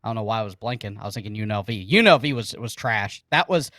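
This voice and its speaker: A man's voice: lowish voice, expressive, racing, fairly bright tone, no echo, clean studio sound. A man co-hosting a sports talk show, rambling casually through his points and restarting often. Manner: rambling, food comparisons, restarts. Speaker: co-host.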